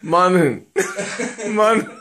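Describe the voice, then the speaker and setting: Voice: mid-range voice, expressive, measured pace, crowd noise. A friend eagerly calling out requests in casual chat, giggling between them.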